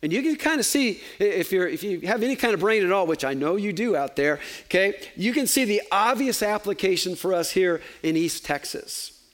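Pastor delivering a sermon: high voice, chatty, animated, light humor. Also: male voice, fairly quick. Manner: animated, conversational, joking asides. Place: church.

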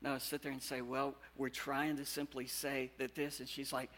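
A man preaching a sermon to a congregation in a conversational way, drawing the audience in with questions and moving between loud, animated bursts and quiet, earnest passages. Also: mid-range voice, normal speed. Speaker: pastor.

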